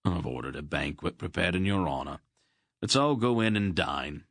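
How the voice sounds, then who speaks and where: A man's voice: deep voice, animated, normal speed, a bit bright, no echo, studio quality, exaggerated voice. A man reading the part of a genial older king who speaks with tolerant amusement. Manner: tolerant, paternal.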